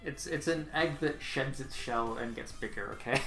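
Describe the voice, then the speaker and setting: A man running a tabletop game as game master, laughing often and talking in halting bursts with fillers. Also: medium pitch, music in the background.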